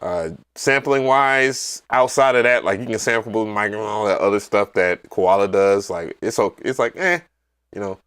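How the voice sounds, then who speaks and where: A man hosting a casual livestream, telling stories in an animated, profane way with loud excited outbursts. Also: lowish voice, normal speed, smooth. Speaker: livestream host.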